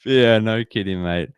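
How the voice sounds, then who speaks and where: A man in his twenties with an Australian accent, hosting a live sports watch-party stream and chatting excitedly while reading out and greeting viewers from the chat. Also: lowish voice, smooth, no echo. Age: 20s. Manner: upbeat, reads and greets chat viewers, repeats phrases. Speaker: livestream host.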